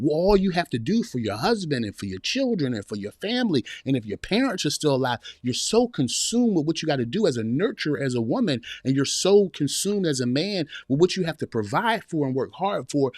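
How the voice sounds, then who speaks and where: At medium pitch, recorded cleanly in a studio with no room sound, a man hosts a podcast. He delivers an emphatic motivational message, repeating phrases and turning to his audience with "y'all hear me?"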